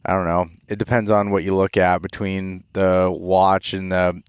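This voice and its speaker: A young man hosting a podcast, chatting casually in a relaxed, rambling way, tired and a bit stuffed up after a long day outdoors. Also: low voice, moderate pace, clear, resonant tone, dry recording, clean studio sound. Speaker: podcast host. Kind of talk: casual chat.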